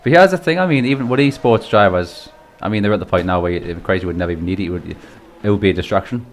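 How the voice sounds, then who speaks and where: A man's voice: low-pitched, animated, quick pace, a little hiss or hum. A man hosting a live stream and commentating a sim race, chatty, laughing often and swearing casually.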